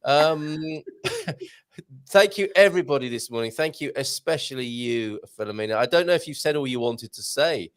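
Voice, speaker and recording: A British man hosts a relaxed morning stream, his voice rising and falling a lot as he jokes along. He reads out viewer comments in a chatty, playful way. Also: mid-range voice, moderate pace. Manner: jokey, animated, reads viewer comments aloud. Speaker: show host. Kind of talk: casual live-stream chat.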